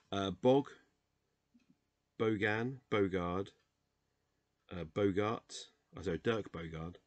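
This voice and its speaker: Tired man, very low voice, unhurried, reads word lists with halting self-corrections. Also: slightly rough. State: tired, late at night. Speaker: video host reading a dictionary aloud. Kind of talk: casual solo reading vlog.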